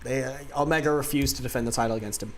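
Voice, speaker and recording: A man's voice: mid-range voice, racing, a crowd in the background. Male podcast host, casual and giggly, lots of ums and uhs. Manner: laughing, loose, filler-heavy. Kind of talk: casual chat.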